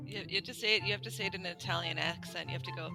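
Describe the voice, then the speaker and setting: Bright-voiced giggly woman podcaster. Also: rapid-fire, gravelly, soft background music. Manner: giggly, bursts into high laughter. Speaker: podcast co-host. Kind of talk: casual chat.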